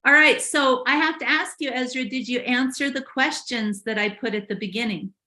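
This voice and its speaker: A woman's voice: high voice, normal speed, bright, forceful tone. A woman hosting a live body language webinar, upbeat and encouraging with her guests.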